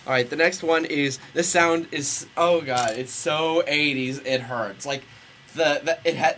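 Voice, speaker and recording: A man's voice: on the high side, a little slow, pushed and bright, slight background noise. A man co-hosting a casual radio show, chatty and rambling with lots of fillers. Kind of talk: casual radio chat and reading fan fiction.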